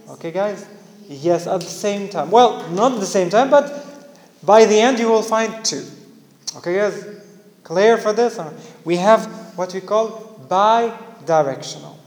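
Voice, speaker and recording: A male teacher giving a classroom lecture, explaining step by step and often checking with "okay, guys? clear?". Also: high-pitched. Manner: explains slowly step by step, repeating key words. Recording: reverberant room.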